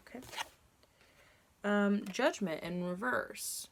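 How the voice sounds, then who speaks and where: A woman's voice: on the low side, moderate pace, a bit bright, slight background noise. A young woman giving a casual tarot reading to camera, candid and rambling, with frequent ums and self-corrections. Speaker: tarot reader.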